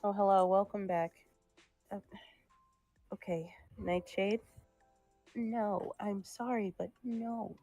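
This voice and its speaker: A woman's voice: medium pitch, fairly even intonation, takes it slowly, pauses often, mellow, no echo, faint music behind. A young woman chatting casually during a drawing stream, talking to her cat in a sing-song voice and a little short of breath as she recovers. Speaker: artist streaming a drawing session. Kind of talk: casual chat.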